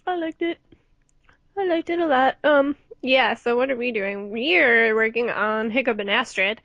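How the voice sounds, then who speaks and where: A woman's voice: a little high, measured pace, fairly bright tone, dry recording. A young woman co-hosting a podcast in casual chat, giggly and self-mocking, on a dull lo-fi recording. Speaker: podcast co-host.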